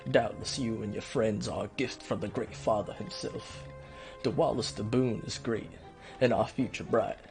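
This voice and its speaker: A man voicing a pompous, scheming middle-aged duke in a game let's play, with a nasal, weaselly twang and formal, drawn-out courtly speech. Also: fairly low pitch, a little mellow.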